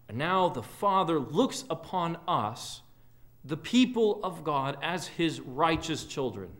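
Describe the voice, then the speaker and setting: A man preaching in a church, his voice sitting a little high for a man. He speaks slowly and earnestly, letting many phrases sink to a hush. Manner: earnest, with frequent drops to a quiet voice at phrase ends. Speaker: pastor. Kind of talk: sermon. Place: church sanctuary.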